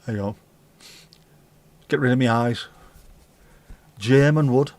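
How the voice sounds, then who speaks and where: A man's voice: medium pitch, takes it slowly, a little mellow. A man hosting a livestream, rambling through jokey, sweary anecdotes in casual chat. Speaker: livestream host.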